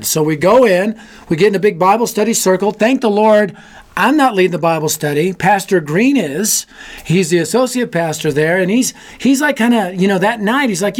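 A man hosting a youth ministry show, telling a story sermon in an animated, self-mocking way. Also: sits high, normal speed. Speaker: youth ministry leader and host.

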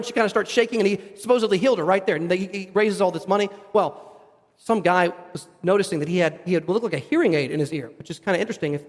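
High-voiced man preaching in a reverberant hall. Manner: conversational preaching, repeats words when building up. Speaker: pastor. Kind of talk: sermon.

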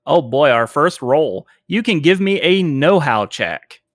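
A man narrating as game master, with frequent pauses and fillers. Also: fairly high pitch, sing-song, no echo, clean studio sound. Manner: hesitant, many fillers.

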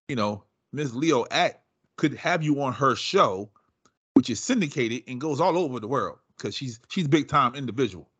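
A man's voice: mid-range voice, normal speed, breathy edge, dry recording. Teasing male podcast host. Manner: animated, teasing. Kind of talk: casual podcast banter.

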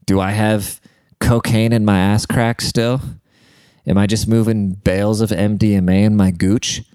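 A man's voice: lowish voice, level tone, a little slow, dark tone, smooth, no room sound. A young man rambling in a casual, profane, self-deprecating monologue as a podcast host.

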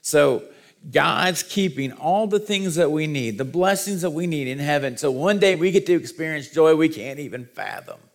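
A man's voice: fairly high pitch, animated, moderate pace, creaky. A middle-aged man preaching a sermon, mixing scripture reading with earnest personal stories and self-deprecating humor. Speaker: pastor.

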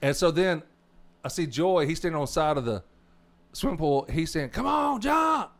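A man's voice: on the high side, normal speed, darkish tone. A man from South Arkansas with a South Arkansas accent, co-hosting a casual faith talk and telling stories in a rambling way with many restarts. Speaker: podcast co-host.

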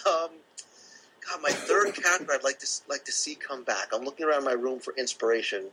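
A man's voice: mid-range voice, normal speed, pushed and bright, a little hiss or hum, poor audio. A man chatting casually as a podcast guest, thinking aloud with plenty of fillers from his own room. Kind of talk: casual chat. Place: his own room, away from the live audience.

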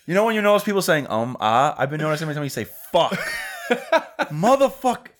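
A man's voice: a little high, sing-song, racing, a bit bright. Chatty, teasing male podcast co-host. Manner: chatty, teasing, says dude a lot. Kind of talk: casual chat.

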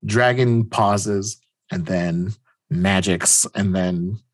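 A man's voice: low voice, very slow. A man co-hosting a podcast, casually and animatedly retelling a comic book plot and laughing as he talks. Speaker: podcast co-host.

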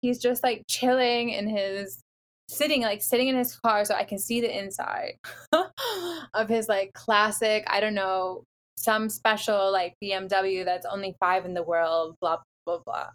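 A woman's voice: medium pitch, unhurried. Chatty young woman telling a dating story. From Los Angeles area. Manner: animated storytelling, frequent "like" fillers. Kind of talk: casual chat.

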